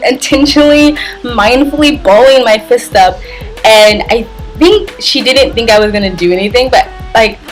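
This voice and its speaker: A woman's voice: fairly high pitch, normal speed, faint music behind, poor audio. Chatty young woman telling a story. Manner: animated, chatty, lots of fillers and laughs. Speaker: travel vlogger. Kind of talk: casual storytime vlog.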